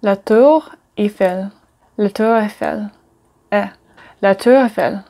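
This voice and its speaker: Very slow, hesitant woman learner. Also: medium pitch, dark tone. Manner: hesitant repeating with stumbles. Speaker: learner repeating words.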